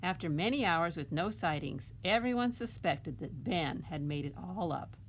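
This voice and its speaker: A woman's voice: fairly low pitch, lively intonation, normal speed, a little hiss or hum. A woman reading a picture book aloud at a library storytime, asking the children questions and adding coaxing "huh?" tags.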